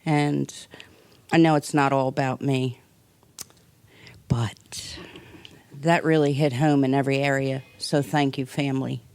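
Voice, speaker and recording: Woman at a church mic, dry close sound, slow hesitant introduction with lots of ums. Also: extremely low pitch, steady tone, a little mellow, no echo. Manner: halting, emotional, hesitant with many fillers. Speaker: speaker's wife introducing him. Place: church sanctuary.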